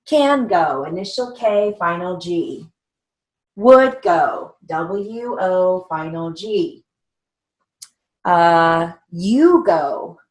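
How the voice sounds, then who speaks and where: Slow, methodical woman teaching steno. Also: lowish voice. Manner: slow, methodical, spells out letters and keys. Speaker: steno theory instructor. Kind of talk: instructional lesson walkthrough.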